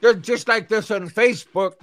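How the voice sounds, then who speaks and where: High-voiced stammering male show host. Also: moderate pace, fairly bright tone, no echo. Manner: stammering, repeats his words often; talks back to chatters who interrupt him. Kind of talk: casual storytelling chat.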